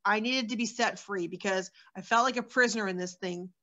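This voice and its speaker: A woman telling her own life story as an interview guest, candid and earnest. She talks at a middle pitch and loosely, with plenty of fillers and restarts. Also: a little fast, pushed and bright. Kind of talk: sharing a personal testimony.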